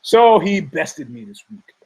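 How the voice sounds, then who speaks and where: Heated, high-voiced male podcast host. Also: unhurried, gravelly, warm tone, breathy edge, poor audio. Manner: profane, heated, repetitive restarts. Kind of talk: rambling combative commentary.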